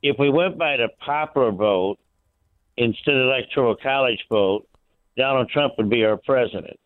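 A man calling into a radio show, hurried and earnest, reasoning his point out loud over a phone line. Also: mid-range voice, no echo. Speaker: caller. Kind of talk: call-in phone talk.

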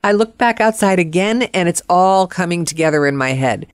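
Expressive woman storyteller, low voice. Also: normal speed, hardly any pauses, no echo, studio quality. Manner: vivid, expressive, acts out quotes. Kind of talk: personal storytelling.

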